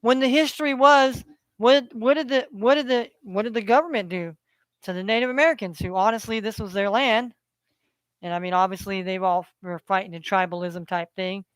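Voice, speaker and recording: A man on a heated, preachy rant, swearing freely and circling back to the same phrases. His voice is smooth and resonant. The sound is close and dry, with no room around it. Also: high voice, brisk, a bit bright, no echo. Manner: profane, preachy, repeats phrases. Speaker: vlogger. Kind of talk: ranting monologue.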